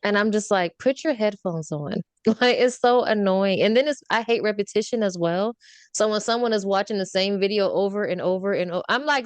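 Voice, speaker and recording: A woman hosts a casual podcast, ranting animatedly about her pet peeves and laughing often. Her pitch sits in an ordinary middle range. The sound is dry and close. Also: a little fast, smooth, no echo. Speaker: podcast host.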